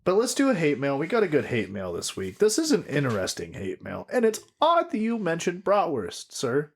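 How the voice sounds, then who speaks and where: A man's voice: fairly high pitch, huge pitch swings, a little fast, vocal fry, husky. A young man co-hosting a casual podcast, rambling, gushing and joking, swearing freely. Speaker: podcast co-host.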